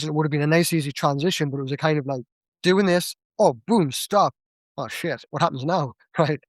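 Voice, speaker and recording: A young man with a Northeast English accent talks as a podcast guest, rattling along quickly in a chatty, animated way. His voice sits a little high and the sound is dry and close. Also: dry recording. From Northeast England. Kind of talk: casual chat.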